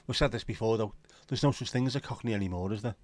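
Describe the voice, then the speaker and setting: A man's voice: lowish voice, racing, no room sound. A middle-aged man with a Liverpool accent, hosting a livestream and chatting casually in an opinionated, sweary, rambling way. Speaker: livestream host. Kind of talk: casual chat to a live audience.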